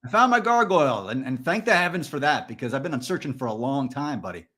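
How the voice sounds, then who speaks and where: A man co-hosting a candid podcast conversation, telling stories in a loose, animated way with plenty of fillers. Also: medium pitch, quick pace. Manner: storytelling, animated, frequent fillers. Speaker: podcast co-host.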